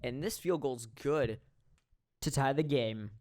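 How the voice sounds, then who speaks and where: A young man commentating his own football video game in a mock sports play-by-play style, jokey and laughing at his plays, swelling with excitement on big moments. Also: mid-range voice, slow pace, dry recording, clean studio sound. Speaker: gameplay commentator.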